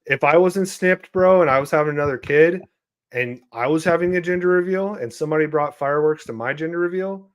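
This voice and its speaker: A man's voice: on the high side, quick pace. A man hosting a casual podcast, talking loosely with plenty of fillers and plugging the show to listeners. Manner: loose and chatty, many fillers. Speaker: podcast host.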